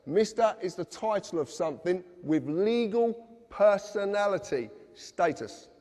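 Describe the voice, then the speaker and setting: A man's voice: sits high, expressive, a little slow, a little mellow. A man giving an earnest, insistent lecture to a live audience, speaking directly to his listeners. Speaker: public speaker. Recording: long reverb of a hall.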